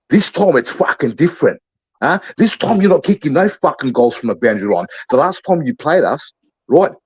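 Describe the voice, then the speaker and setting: A man's voice: medium pitch, darkish tone, breathy edge, rough recording. An Australian man on a podcast, ranting in a fired-up, profane way about how the team should play, like a coach giving orders. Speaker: podcast panelist. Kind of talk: heated sports chat.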